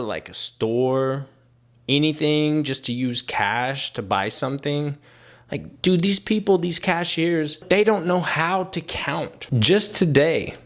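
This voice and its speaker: A man's voice: on the high side, fairly bright tone. A young man ranting casually to camera, exasperated and sarcastic, with filler-heavy talk. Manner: exasperated, sarcastic, mimics people he quotes. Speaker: vlogger.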